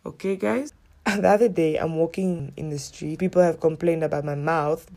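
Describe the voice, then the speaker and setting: A woman's voice: low-pitched, normal speed, vocal fry. A woman telling stories to her viewers in a casual, blunt rant, swearing freely and acting out what people said. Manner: blunt, heavy swearing, animated retelling. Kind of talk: casual storytelling rant to camera.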